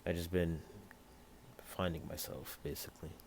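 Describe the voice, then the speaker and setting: A young man with a very low voice tells an improvised fan story in a loose, rambling way. He fills gaps with "yada yada" and briefly pops up his pitch for other characters. Faint hiss runs underneath. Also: fairly even intonation, normal speed, darkish tone.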